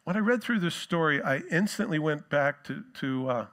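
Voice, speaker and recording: Chatty preacher with a higher voice. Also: male voice, lively intonation, normal speed, a bit bright. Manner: conversational, joking asides. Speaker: pastor. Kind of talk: sermon.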